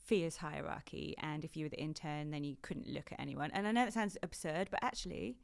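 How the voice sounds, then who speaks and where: Low-voiced British woman, chatty guest. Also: a little fast, gravelly. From Britain. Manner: chatty, animated, laughs often. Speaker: podcast guest, fashion journalist. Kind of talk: casual interview chat.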